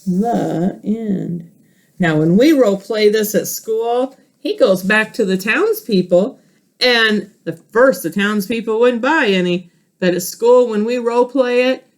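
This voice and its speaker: A woman teacher reading a picture book aloud to children, expressive and asking listeners questions. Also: mid-range voice, slow pace.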